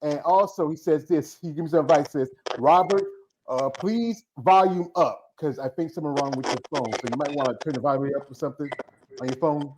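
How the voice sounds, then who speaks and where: A man hosting a casual interview, relaxed and reading out viewer comments. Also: fairly high pitch, quick pace, a little hiss or hum, poor audio. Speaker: host. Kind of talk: casual interview with live chat.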